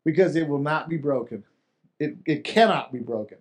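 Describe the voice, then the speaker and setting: A pastor with a high voice preaches expressively at a moderate pace, addressing listeners conversationally. He restarts and repeats phrases, asks questions, and shifts between quiet and loud to hammer his points home.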